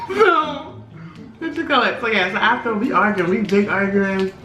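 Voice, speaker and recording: A young woman, telling a story in animated, slangy style while eating, often laughing. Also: mid-range voice, measured pace, far from the mic. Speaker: vlogger, co-host. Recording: roomy, off-mic, faint background hum.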